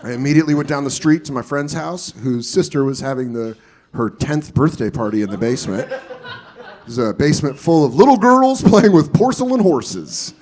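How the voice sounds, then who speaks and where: A man doing a stand-up comedy set on a club stage, telling profane stories with loud, exaggerated bursts of character voices. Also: on the high side, expressive, normal speed.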